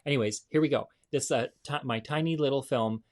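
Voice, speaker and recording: A man's voice: mid-range voice, brisk. A man hosting a comedy show, telling jokes in a chatty, self-mocking way. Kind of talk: joke telling to an audience.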